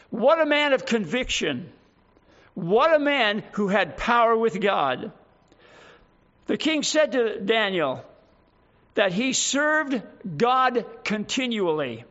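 A male preacher with a strikingly high voice delivers an emphatic sermon, driving home each point with rhetorical questions. The recording sounds dull and lo-fi. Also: very animated, takes it slowly, fairly bright tone.

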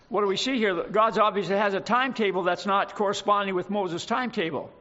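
A man's voice: high voice, brisk, hardly any pauses, sharp tone. A man preaching a sermon, reading scripture aloud with dramatic emphasis and adding his own asides. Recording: dull lo-fi recording.

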